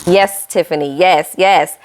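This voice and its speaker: A woman, recapping a reality show episode in a chatty, animated way and talking straight to her viewers with playful asides. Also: fairly low pitch, unhurried. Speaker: reality TV reviewer. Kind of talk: casual recap vlog.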